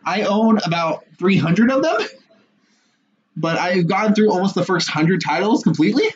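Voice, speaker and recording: A young man co-hosting a podcast in casual chat, animated and swearing a lot, laughing often. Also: sits high, moderate pace. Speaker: podcast co-host. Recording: muffled lo-fi audio with faint noise.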